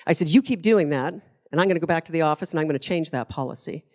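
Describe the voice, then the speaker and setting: A woman's voice: deep voice, expressive, fast, a little mellow. A middle-aged woman, giving a conference keynote speech and telling stories in a passionate, emphatic way. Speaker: keynote speaker.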